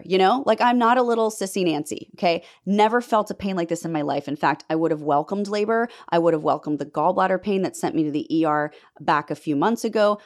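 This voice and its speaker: Intense woman telling a dramatic testimony. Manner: intense, dramatic storytelling with sudden pitch leaps when emphatic. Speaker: faith vlogger telling a personal story. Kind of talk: emotional personal testimony.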